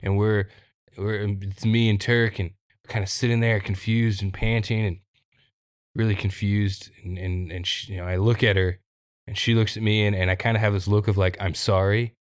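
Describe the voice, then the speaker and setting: Brief: male player, low and flat, smooth tone, halting delivery. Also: dry recording, studio quality. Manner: halting, repeats words. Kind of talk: describing his character's scene.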